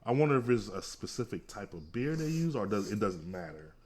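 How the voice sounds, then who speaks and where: Very low-voiced easygoing man. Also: very animated, brisk, darkish tone, husky. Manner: easygoing, rambling with many fillers. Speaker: podcast co-host. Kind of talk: casual food chat.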